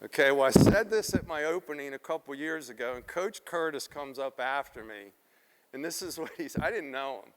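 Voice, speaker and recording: A middle-aged man from South Philadelphia giving a live keynote talk, animated and profane, acting out the quotes in his stories. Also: on the high side, a little fast, big-room sound, a little hiss or hum. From South Philadelphia, USA. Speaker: keynote speaker.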